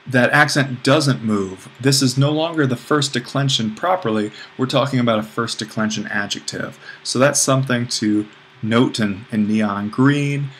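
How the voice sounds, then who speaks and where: A man who is a teacher, giving a casual lecture with worked examples in a relaxed, self-deprecating way, thinking aloud as he goes. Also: mid-range voice, a little hiss or hum.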